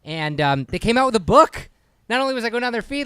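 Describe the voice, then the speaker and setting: A man's voice: high-pitched, very animated, fairly quick, sharp tone, smooth, dry recording, clean studio sound. A man co-hosting a casual podcast, ranting in an exasperated, swearing way. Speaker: podcast co-host. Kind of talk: casual comedic rant.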